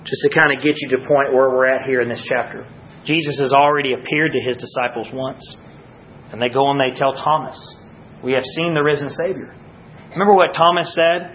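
A man preaching a sermon to a congregation, rising to emphatic peaks and dropping to hushed low lines. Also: fairly quick, lo-fi sound, slight background noise.

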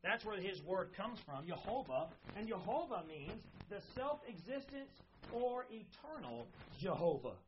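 A woman's voice: medium pitch, very animated, unhurried, a little hiss or hum. Earnest woman preacher, lo-fi sound. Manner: earnest, conversational preaching with self-corrections. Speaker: pastor. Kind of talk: sermon with scripture reading. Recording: dull lo-fi sound.

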